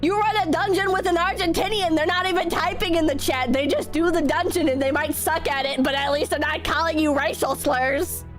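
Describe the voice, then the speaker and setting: A young woman streaming and chatting with viewers, hoarse and coughing from illness, telling profane stories full of mocking impressions. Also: very high voice, fairly even intonation, fairly quick, few pauses, faint music behind. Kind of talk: casual chat with viewers.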